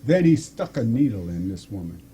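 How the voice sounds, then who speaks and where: A middle-aged man casually telling a personal story, animated, acting out the people in it and laughing often. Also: lowish voice, normal speed, a little hiss or hum.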